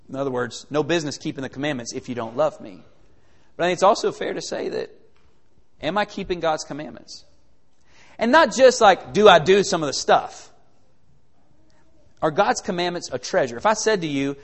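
Speaking a little fast in a voice on the high side, a preacher fills a large hall with an animated, conversational sermon. He keeps asking rhetorical questions throughout.

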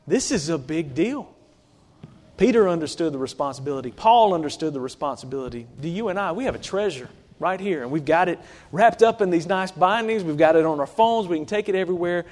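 A man's voice: on the high side, lively intonation, fairly quick, darkish tone. A male preacher giving a conversational sermon to his congregation, often stopping to ask them rhetorical questions. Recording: long reverb of a large hall.

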